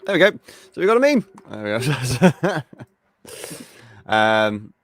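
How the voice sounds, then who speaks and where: A man's voice: medium pitch, sing-song, takes it slowly, no echo. A man from the West Midlands with a West Midlands English accent, hosting a casual live-stream chat and saying mate a lot. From England, West Midlands. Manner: chatty, says mate a lot. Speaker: show host.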